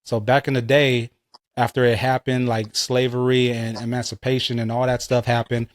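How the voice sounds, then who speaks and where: Brief: male podcast co-host, average pitch, dry close sound, swears freely, drifts off on tangents. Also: level tone, moderate pace, no echo. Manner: loose, profane storytelling with tangents. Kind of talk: casual chat.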